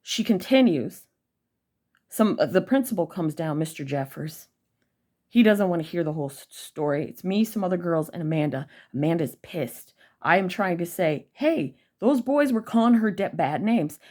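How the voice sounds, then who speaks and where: A woman's voice: fairly low pitch, expressive, normal speed, a little mellow. A young woman telling an angry personal story to her viewers, blunt, heated and full of swearing. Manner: blunt, profane and heated, addressing viewers directly. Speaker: vlogger.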